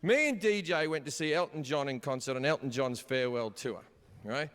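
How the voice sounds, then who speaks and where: A man doing stand-up storytelling, swearing freely and shouting his punchlines, recorded live on a theater stage. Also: medium pitch, brisk, heavy background noise. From Australia. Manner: profane, animated, shouts punchlines. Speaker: stand-up comedian. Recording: live hall reverb, audience ambience.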